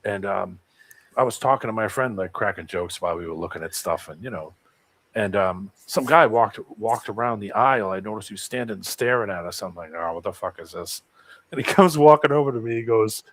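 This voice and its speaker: A man's voice: on the low side, brisk, poor audio. A man with a Boston accent telling a rambling anecdote in a casual chat, full of restarts. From Boston area. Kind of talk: casual podcast chat, storytelling.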